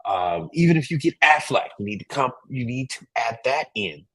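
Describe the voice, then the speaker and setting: A man's voice: medium pitch, animated, normal speed, bright, forceful tone, breathy edge. A man hosting a casual livestream, giving emphatic business advice with a lot of repetition and frequent "right?" checks.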